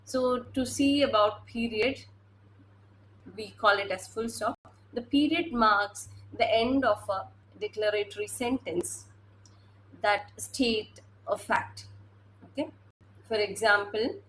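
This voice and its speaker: A woman's voice: medium pitch, a bit bright, a little hiss or hum, rough recording. A woman teacher giving a classroom lecture, hesitant, with many fillers and restarts.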